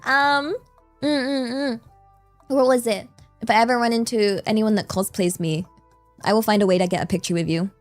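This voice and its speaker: A woman's voice: medium pitch, steady tone, fast, a little mellow. A woman streamer chatting casually and animatedly with her viewers, giggly and self-mocking, over faint music.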